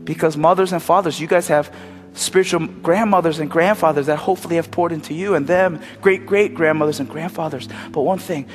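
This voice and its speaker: A pastor giving a sermon in a storytelling way, animated, with many fillers. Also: male voice, a little high, a little fast, soft background music. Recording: long hall reverb.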